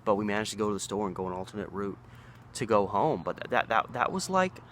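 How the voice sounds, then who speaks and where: A man in his thirties from Oregon with a lowish voice tells a story casually. He rambles, restarts his sentences and acts out what others said. A faint hiss sits under the recording. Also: big pitch swings, fast, a bit bright. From Oregon, USA. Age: 30s. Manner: rambling, with frequent restarts and acted-out quotes. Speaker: local history storyteller.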